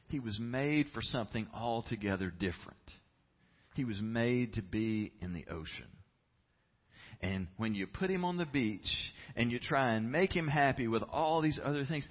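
A man's voice: mid-range voice, expressive, moderate pace, lo-fi sound. A man preaching a sermon as pastor, telling a story and building to passionate emphasis.

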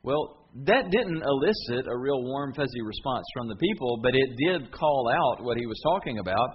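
A man's voice: mid-range voice, expressive, normal speed, slightly rough, muffled recording. A man preaching a sermon, retelling a story in a folksy, conversational way. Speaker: pastor.

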